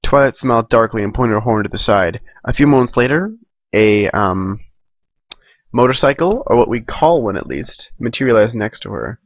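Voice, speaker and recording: A man's voice: medium pitch, animated, normal speed, dry recording, highs cut off. A man reading a fan story aloud in a casual way, correcting himself and adding chatty asides. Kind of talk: amateur fan fiction reading.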